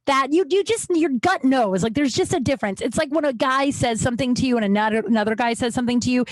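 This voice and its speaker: A woman's voice: high-pitched, fast talker, dry recording. A young adult woman hosting a solo podcast, talking in a rambling, confessional way with lots of restarts and fillers. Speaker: podcast host. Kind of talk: candid solo podcast monologue.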